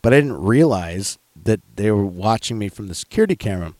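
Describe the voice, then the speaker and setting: A man's voice: lowish voice, expressive, fairly quick, darkish tone, no echo. A man casually telling a rambling, profanity-heavy story in a chat.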